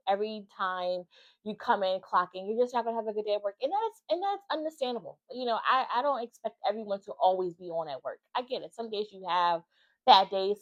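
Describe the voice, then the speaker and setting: A woman's voice: mid-range voice, lo-fi sound. A woman, a mother, talking earnestly and emphatically in a casual vlog about her time with her baby in intensive care. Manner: earnest and emphatic, animated storytelling. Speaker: mother of a former NICU baby, vlogger.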